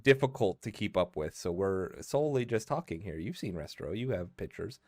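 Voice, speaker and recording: A man's voice: sits low, animated, brisk, warm tone. A man running a tabletop role-playing game as game master, casual with many fillers and laughs.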